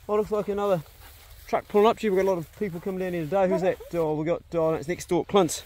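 A man's voice: high voice, steady tone, fast talker, mellow. Easygoing New man rambling outdoors. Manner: easygoing, rambling commentary with pet talk. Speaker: homestead vlogger. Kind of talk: casual filmed walk-and-talk. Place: outdoors on a rural property. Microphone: phone held while walking.

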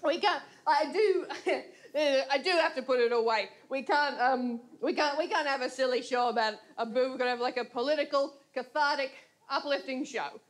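A woman's voice: sits high, moderate pace. A woman comedian, doing a chatty, self-mocking stand-up set on stage. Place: theatre stage with a laughing audience. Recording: live stage recording with loud audience.

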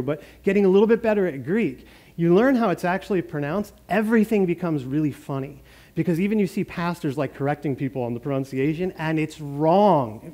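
A man's voice: high-pitched, darkish tone. A man preaching a sermon as pastor, in a joking, conversational way with frequent laughs.

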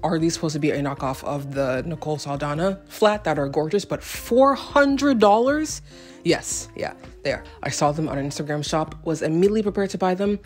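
A young woman chats through her summer outfits in a loose, rambling vlog voice. She drifts into jokey, self-deprecating asides. Faint music plays softly behind her. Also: low-pitched, quick pace, few pauses. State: out of breath. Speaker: fashion vlogger. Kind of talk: casual chatty vlog.

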